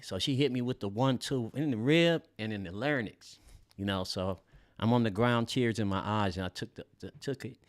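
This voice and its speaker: Deep-voiced laid-back man from Los Angeles. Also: normal speed, no room sound, clean studio sound. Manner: laid-back and loose, heavy on fillers and slang, swears freely. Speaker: podcast host. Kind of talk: casual storytelling podcast.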